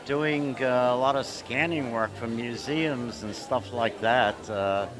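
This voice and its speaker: A man with a mid-range voice explains his photography work at an exhibition opening. He talks in a relaxed way and stops often for "uh" fillers. Loud crowd chatter fills the background. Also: medium pitch, slow pace. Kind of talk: interview answers.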